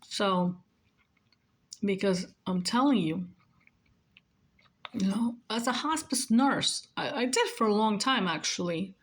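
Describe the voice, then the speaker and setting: A woman's voice: mid-range voice, expressive, slow, pauses often, a bit bright. A woman in her forties, a nurse, giving emotional, earnest advice in a heartfelt monologue and repeating her points for emphasis. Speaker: nurse sharing life advice.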